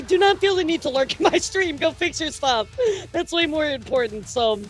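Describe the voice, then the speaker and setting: A high-pitched woman streamer rambles excitedly through the news with her viewers in a casual chat. She often stammers and swears.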